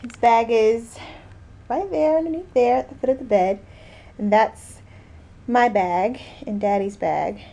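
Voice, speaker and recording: A young pregnant woman chatting in a relaxed home vlog, laughing often and letting her words trail off softly. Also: on the high side, unhurried, creaky. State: pregnant, awaiting labor. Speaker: vlogger. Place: home, indoors.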